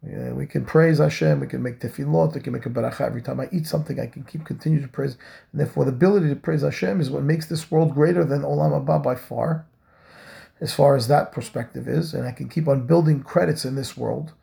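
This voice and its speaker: A man's voice: mid-range voice, fast, gravelly, warm tone. A man, a rabbi, giving a Torah lesson in an earnest way, repeating key phrases for emphasis and mixing Hebrew terms into his English.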